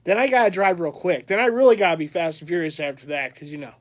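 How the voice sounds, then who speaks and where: In a fast, high voice, a collector vlogger tells a rambling story in a casual chat, punctuated by frequent laughter and restarts.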